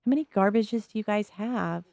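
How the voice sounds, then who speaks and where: A woman's voice: mid-range voice, moderate pace, vocal fry, a little mellow, no room sound. A woman giving casual, amused commentary on her life-sim game as a video host. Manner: chatty, amused, narrates the characters' thoughts.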